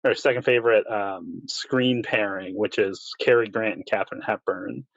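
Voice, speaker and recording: A man's voice: fairly low pitch, steady tone, normal speed, vocal fry, no echo. Man on a dull, dry-sounding podcast line. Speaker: podcast co-host. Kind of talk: casual film discussion.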